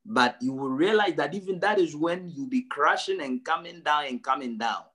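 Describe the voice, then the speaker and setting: A male pastor preaching a sermon, emphatic, repeating his phrases and swinging from low and quiet to high and loud. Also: normal speed, slightly rough. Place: church service.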